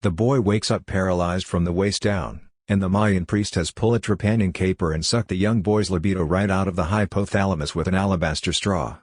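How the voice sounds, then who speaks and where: Man, deep low voice, literary reading, even and unhurried, dry close sound. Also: no echo. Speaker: reader.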